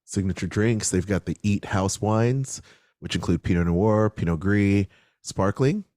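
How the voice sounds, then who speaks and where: A man with a very low voice chats on a podcast, playful and quick with a joke. He laughs easily. The sound is dry and close, with no room echo. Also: dark tone. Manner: playful, jokey, laughs often. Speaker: podcast co-host. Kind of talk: casual chat.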